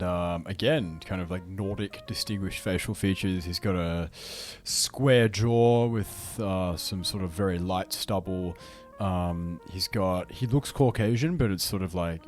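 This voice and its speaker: A man playing a tabletop game, chatting casually and hesitantly with many fillers. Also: low voice. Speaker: player.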